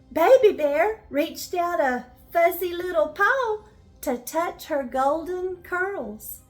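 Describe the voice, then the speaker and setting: Grandmotherly woman reading a slow bedtime story. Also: extremely high pitch. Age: older. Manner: gentle, asks the children questions.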